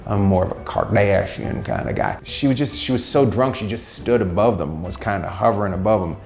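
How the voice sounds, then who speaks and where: Stand-up comedian man, storytime between clips, gravelly, lively delivery, echoey room. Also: brisk, soft background music. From Canada. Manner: animated, jumps into loud high impressions and laughs.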